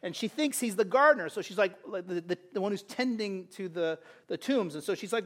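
A male preacher with a very high voice delivers an impassioned sermon. He swings between loud, urgent appeals and hushed, close asides. He keeps it conversational with frequent rhetorical questions. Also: expressive, fairly quick, few pauses.

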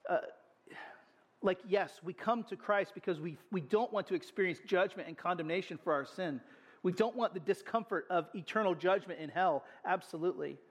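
A man preaching a sermon, earnest and animated, with quick asides to the congregation. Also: sits high. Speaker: pastor.

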